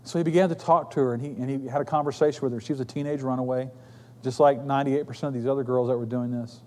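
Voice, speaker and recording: A man's voice: mid-range voice, fairly even intonation, racing, dark tone. A man preaching a sermon as pastor, telling stories in a conversational way with casual asides to his congregation. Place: church sanctuary. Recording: long reverb of a church hall.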